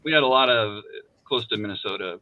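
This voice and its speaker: A man's voice: on the low side, brisk. A middle-aged man from Northeast Iowa, chatting and joking casually. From Northeast Iowa, USA. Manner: joking, chatty, laughs often. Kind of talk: casual chat on a group video stream. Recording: dull lo-fi stream audio with faint noise.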